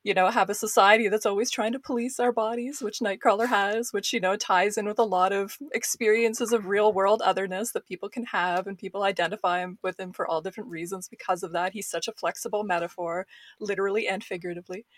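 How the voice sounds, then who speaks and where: A woman's voice: medium pitch, fairly even intonation, fast talker, no room sound. A woman joins a podcast as a guest and talks about comics with analytical enthusiasm. Her speech is loose and full of fillers, and the recording sounds dry and close. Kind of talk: casual podcast discussion.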